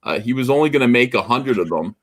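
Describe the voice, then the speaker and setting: A man's voice: mid-range voice, animated, fast talker. A man talking casually on a livestream, rambling with lots of hesitations and a dry, sarcastic humor. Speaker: co-host on a livestream talk show.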